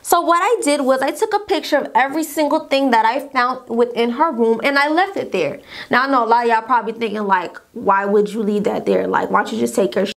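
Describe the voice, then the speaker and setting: A young woman tells a story-time tale to her camera. Her voice sits a little high, and she slips into the lines of the people in her story in an animated way. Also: a little fast, creaky, hardly any pauses. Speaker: YouTuber telling a story.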